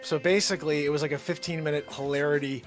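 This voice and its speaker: A man's voice: fairly high pitch, fairly even intonation, fast talker. A male comedian doing a manic improvised comedy monologue that jumps between silly voices.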